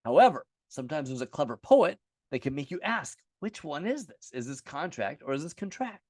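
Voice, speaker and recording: A man's voice: fairly high pitch, very animated, a little fast, darkish tone, dry recording, clean studio sound. Casual man teaching with many fillers. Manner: casual, many fillers and self-corrections, explaining step by step. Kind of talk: unscripted lesson at a chart.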